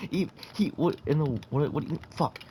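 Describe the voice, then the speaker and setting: A man's voice: fairly high pitch, slow, background noise. A man in casual game voice chat, rambling through a crude made-up story with chuckles and restarts. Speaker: gamer telling a story in voice chat.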